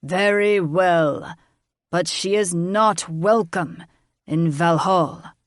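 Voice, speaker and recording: A woman's voice: on the low side, no room sound, studio quality. A woman playing Tormund, a growling dragon king. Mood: menacing. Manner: growling, slow and commanding. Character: menacing male dragon king, arrogant and blustering.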